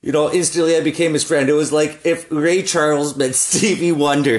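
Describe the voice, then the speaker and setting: A man's voice: fairly high pitch, fairly even intonation, brisk. A young man telling rambling, profane stories in a casual solo chat, often laughing at his own jokes. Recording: echoey room.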